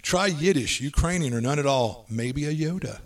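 Male podcast host, brisk list-driven delivery, sits a bit back from the mic. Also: a little high, expressive, far from the mic. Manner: brisk, runs through lists of tips. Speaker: podcast host giving tabletop game advice. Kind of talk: casual podcast chat.

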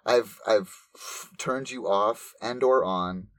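Deep-voiced man telling a story. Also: takes it slowly. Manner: animated, profane storytelling. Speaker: podcast co-host. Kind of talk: casual chat.

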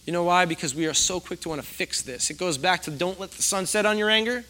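A middle-aged man gives a sermon in a relaxed, chatty way. His voice is bright and sits a little high for a man. He pokes fun at himself and keeps asking the congregation questions. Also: quick pace, a little hiss or hum. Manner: conversational, self-deprecating, asks the audience questions. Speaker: pastor.

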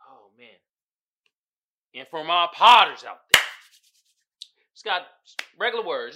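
Animated, bright-voiced slangy male podcaster. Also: high voice, unhurried, pauses often, a little hiss or hum. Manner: animated, slangy and profane, often breaking into laughter. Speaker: podcast host. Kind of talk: casual podcast commentary.

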